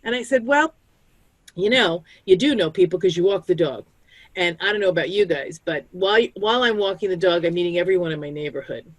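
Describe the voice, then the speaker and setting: A woman's voice: fairly low pitch, brisk, no room sound. Chatty woman giving pet-care advice. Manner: chatty, acts out quoted voices. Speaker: pet disaster-planning speaker. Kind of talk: community video call, storytelling advice.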